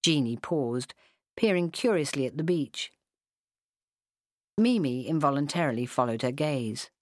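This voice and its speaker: A woman narrating a story with gentle, expressive storytelling. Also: deep voice, a little slow, long pauses, no room sound, clean studio sound. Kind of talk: storybook reading.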